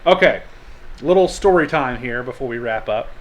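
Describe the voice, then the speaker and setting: A podcast host with a medium-pitched voice and lively intonation speaks at a moderate pace. He tells stories in casual chat, joking and laughing often.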